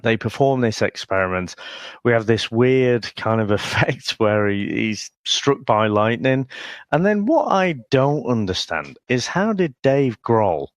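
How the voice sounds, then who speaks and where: A man's voice: mid-range voice, no room sound. Amused man, dry close sound. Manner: amused, joking, laughs between lines. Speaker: podcast co-host. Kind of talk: casual movie review chat.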